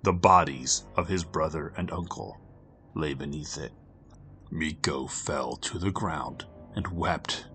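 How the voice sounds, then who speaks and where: Deep-voiced man narrating a dark tale. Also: takes it slowly, faint music behind. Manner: intense, swings between loud urgency and hushed near-whispers. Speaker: podcast narrator. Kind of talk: dramatic storytelling narration.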